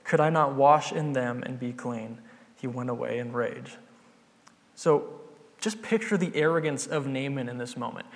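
A man preaching a sermon, retelling a Bible story in an earnest, conversational way. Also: on the high side. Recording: long hall reverb.

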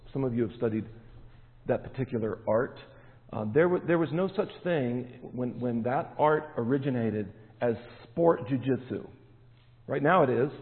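Man preaching in an echoey hall. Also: mid-range voice. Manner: emphatic, rising to stressed words. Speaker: pastor. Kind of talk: sermon. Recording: echoey hall, tinny phone-like sound.

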